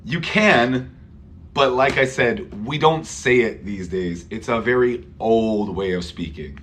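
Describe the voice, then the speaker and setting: A man's voice: mid-range voice, slow, a bit bright, a little hiss or hum. A man teaching English pronunciation, who patiently repeats words and switches to Spanish for his learners.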